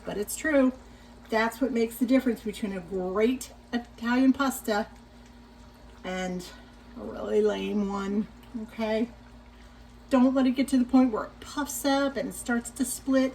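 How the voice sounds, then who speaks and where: A woman in her sixties hosting a casual cooking demonstration in her home kitchen, chatting directly to viewers and giving gentle cautions. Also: on the high side, a little hiss or hum, poor audio. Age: 60s. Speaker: cooking show host.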